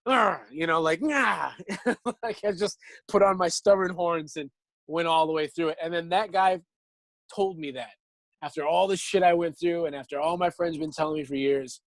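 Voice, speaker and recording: A man's voice: fairly high pitch, normal speed, no echo. A young man, an actor, telling long stories in a casual interview, acting out what people said and laughing often. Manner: animated, acts out quotes, laughs often.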